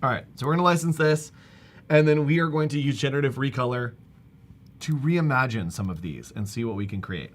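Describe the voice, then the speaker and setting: A man hosting a live stream, casually walking viewers through a software demo step by step. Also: medium pitch, lively intonation, fairly quick, slight background noise. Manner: casual, talks viewers through steps on screen. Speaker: livestream host.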